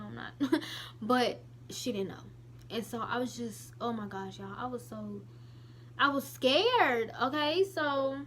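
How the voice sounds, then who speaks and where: There's a bit of background noise as this young vlogger, her voice on the high side, tells her viewers about something that happened to her. The delivery is emotional, animated and casual, with plenty of side comments.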